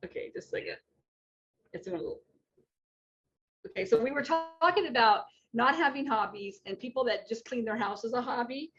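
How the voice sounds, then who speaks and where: A woman's voice: a little high, moderate pace, long pauses. Easy-going woman co-host, dull recording. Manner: warm reactions, easy-going, hesitant at times. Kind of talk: casual chat, reading viewer comments.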